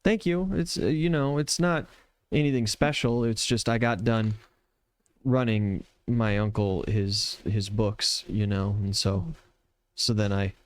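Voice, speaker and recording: A man's voice: on the low side, little pitch movement, slow. A man voicing a timid little winged girl who talks hesitantly. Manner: hesitant, soft-spoken.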